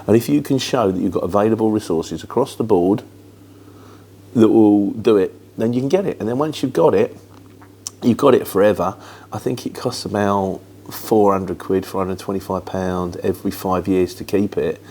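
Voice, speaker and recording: A man's voice: fairly low pitch, normal speed, dark tone, slight background noise. A middle-aged man from England with a London-tinged accent, answering viewer questions in a chatty, rambling, matter-of-fact way. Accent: London-influenced Luton English. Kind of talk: casual chat.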